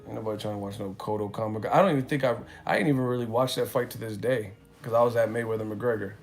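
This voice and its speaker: A man's voice: on the low side, rapid-fire, soft background music. A man hosting a live boxing talk stream from a hotel room, speaking in a loose, profane, rambling way as he tells stories. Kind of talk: casual live-stream chat.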